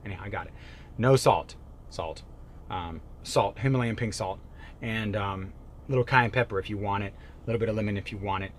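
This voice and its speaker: A man giving a motivational sales-coaching talk, emphatic and animated, jumping from loud bursts to quiet asides. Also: on the low side, a little fast, slight background noise. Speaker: real estate sales coach.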